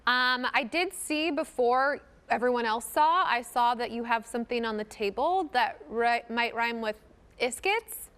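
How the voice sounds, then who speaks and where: A woman co-hosting a morning TV show, upbeat and warm, chatting and reading entertainment news. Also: on the high side, fairly even intonation, moderate pace, hardly any pauses, smooth. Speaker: TV co-host.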